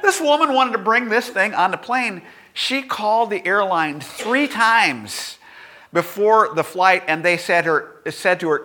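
A man's voice: sits high, animated, unhurried, bright, forceful tone. A middle-aged male pastor preaching a sermon in a conversational way, with humorous asides.

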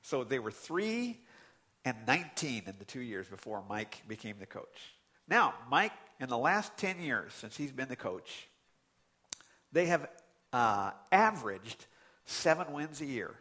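A man preaching a sermon as pastor, animated and conversational, with sudden loud outbursts. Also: mid-range voice, unhurried, breathy edge.

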